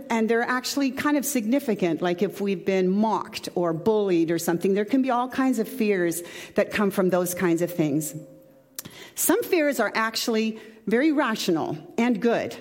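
Chatty woman preaching in an echoey hall. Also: a little high. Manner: conversational, chatty, with asides. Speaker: pastor. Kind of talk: sermon.

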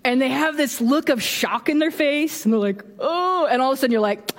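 A woman in her thirties giving a casual, animated sermon, acting out quoted reactions with a bit of humor. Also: high voice, fast talker. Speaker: preacher. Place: church sanctuary. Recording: long hall reverb.

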